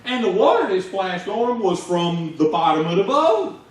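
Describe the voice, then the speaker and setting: With a high, sing-song voice at normal speed, a Southern US lay preacher delivers a folksy, conversational sermon that climbs into shouts during stories. The church sanctuary sounds echoey and far away.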